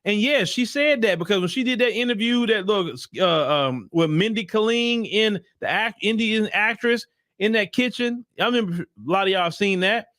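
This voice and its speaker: A man's voice: high voice, moderate pace, a bit bright, no echo, clean studio sound. A man hosting his own channel, giving opinionated political commentary in blunt, casual talk and repeating his points for emphasis. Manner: casual vernacular talk to viewers.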